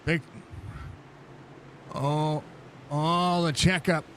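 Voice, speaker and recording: A man doing casual live commentary on a sim race while chatting with viewers, with excited outbursts at crashes. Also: a little high, drawn-out words, a little hiss or hum. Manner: chatty, greets viewers by name between race calls. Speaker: sim racing league commentator and streamer.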